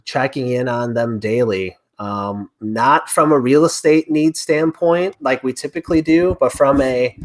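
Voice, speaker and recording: A man in his thirties talks through a personal story as an interview guest. He is animated, jumping into the voices of the people he quotes, and his voice sits at an ordinary middle pitch. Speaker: real estate agent, podcast guest.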